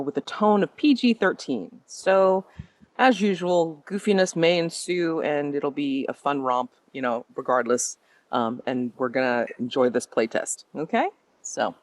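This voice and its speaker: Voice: mid-range voice, no room sound. A game master hosting a tabletop game, chatting casually and narrating with lots of hesitant ums.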